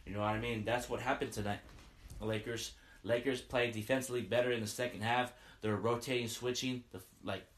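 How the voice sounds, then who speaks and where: A man giving a casual, excited fan recap of a basketball game, as a sports podcaster who keeps saying "you know what I mean.". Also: medium pitch, a little fast, reverberant.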